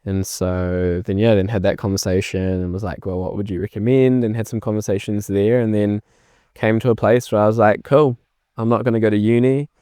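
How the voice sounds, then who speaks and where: Brisk and smooth, a young man with a New Zealand accent, a filmmaker guesting on a casual podcast interview, walks through his story while animatedly acting out old exchanges with lively emphasis. His voice is fairly low, captured dry and close with no echo.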